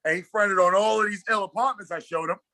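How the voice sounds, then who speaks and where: Brooklyn man, New York accent, guest coach spinning animated, slang-heavy stories in a casual interview, slightly high voice, close dry sound. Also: fast, no echo. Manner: animated, slangy storyteller acting out dialogue.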